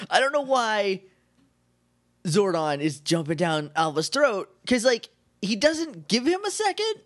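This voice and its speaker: A man co-hosting a podcast, recapping an episode in casual chat with jokes and quick impressions. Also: sits high. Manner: jokey, animated retelling with quick bits of mimicry. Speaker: podcast co-host.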